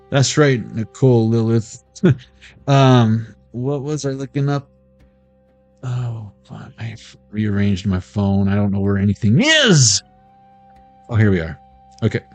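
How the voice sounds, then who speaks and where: A man's voice: mid-range voice, no echo. A man giving a casual, rambling intuitive tarot reading, free-associating words aloud and laughing often. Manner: rambling, word-associating, laughs often, sings snatches of old songs. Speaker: tarot reader.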